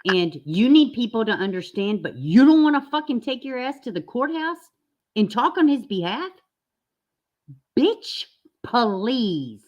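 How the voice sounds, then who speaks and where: Foul-mouthed woman ranting with animated swings. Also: a little high, unhurried, lo-fi sound. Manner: blunt, swearing, indignant, lively. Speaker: commentary channel host. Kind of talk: profane reaction commentary.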